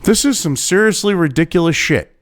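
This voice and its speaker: A man's voice: sits high, lively intonation, fairly quick. A man with a New England accent, hosting his own news commentary and ranting at an article, swearing constantly and sounding exasperated.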